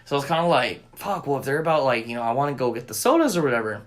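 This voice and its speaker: At a very fast clip, a young podcast co-host with a mid-range voice chats casually through a long story. He swears a lot and dramatizes the dialogue of the people involved.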